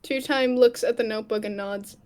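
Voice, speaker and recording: A playful woman reads her own fanfic aloud with friends in a somewhat high voice. She narrates casually and teases her friends between lines. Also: fairly even intonation, brisk, a little mellow. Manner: playful, laughing, teasing friends. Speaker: narrator and fic author.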